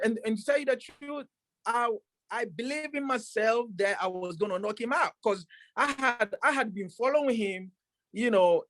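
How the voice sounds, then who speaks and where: A professional boxer telling a story in a casual interview, rambling with many fillers and restarts. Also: male voice, high-pitched, a bit bright, no room sound.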